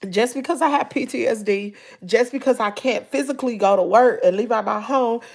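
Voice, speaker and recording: Casting: middle-aged woman, Southern accent, tearful and heartfelt, slightly high, raspy fry. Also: a bit bright. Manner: tearful, heartfelt, talking straight to viewers. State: crying, nose stuffed up. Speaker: family vlogger. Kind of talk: emotional livestream talk to viewers.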